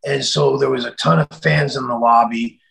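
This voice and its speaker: A middle-aged man telling a story in an interview, acting out the quoted voices and sometimes shouting them. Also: mid-range voice, fairly even intonation, normal speed, creaky, poor audio. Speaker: interview guest.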